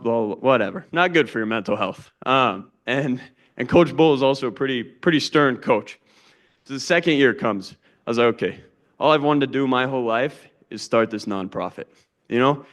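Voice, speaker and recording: A young man speaks at a conference, telling his own story in a plain, earnest way. His voice sits in a middle pitch, and he leans on ums and you-knows as he goes. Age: young adult. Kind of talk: personal testimony talk.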